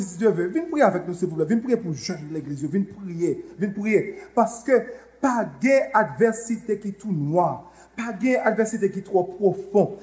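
Haitian accent pastor guy, really high voice, preaching hard in church, gets loud. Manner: fervent preaching, loud outbursts. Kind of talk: sermon.

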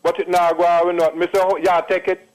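A man's voice: high-pitched, flat delivery, fast, low-quality recording. A man in his late sixties with a Jamaican accent, calling into a radio show and telling a long testimonial in an emphatic, repetitive patois manner. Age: 60s. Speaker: caller. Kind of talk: phone-in testimonial.

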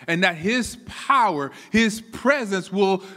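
A man preaching a sermon as pastor, animated, often repeating words as he builds a point. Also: high-pitched, slow pace, long reverb tail. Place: church.

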